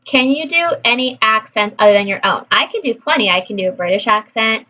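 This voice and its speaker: A woman from California chatting casually through a list of questions, answering briskly with frequent laughs. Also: fairly high pitch, animated, bright, forceful tone, muffled recording. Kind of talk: casual chat.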